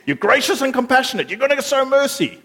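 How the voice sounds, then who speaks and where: Man playing a petulant prophet, whiny, high-pitched, loud, childish temper. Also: big pitch swings, fast, full character voice. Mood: indignant.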